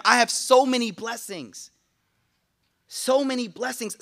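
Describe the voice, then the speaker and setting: A young man delivers a sermon in a high, bright voice. He talks to the crowd directly, cracking jokes and using slang. He also rattles off Arabic quotations at speed. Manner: casual, joking, slangy, addresses the audience directly; recites Arabic quotations quickly. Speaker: Islamic lecturer. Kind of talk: energetic sermon to a live audience.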